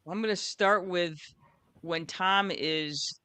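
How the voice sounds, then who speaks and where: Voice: medium pitch, slow pace, bright, forceful tone, clear, resonant tone, no echo. A co-host talking casually and with enthusiasm over a video call, often repeating words. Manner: enthusiastic, repeats words, laughs at own retelling. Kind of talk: casual chat.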